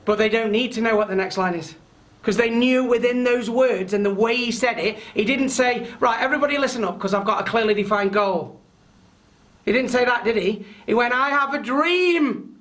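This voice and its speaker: A man leading an online training webinar, loud and chatty, often checking in with tag questions. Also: sits high. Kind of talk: live online training talk.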